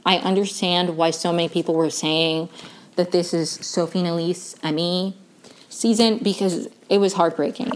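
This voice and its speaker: A young woman in a casual, chatty recap of a TV season, full of "like" and "um" and quick restarts. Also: lowish voice. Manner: chatty, lots of "like" and "um", self-correcting. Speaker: recap host.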